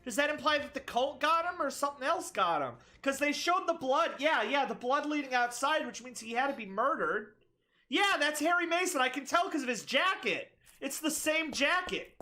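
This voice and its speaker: Woman streamer, chatty and sarcastic let's play commentary, bright, crisp tone. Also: high-pitched, lively intonation, moderate pace. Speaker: gaming streamer.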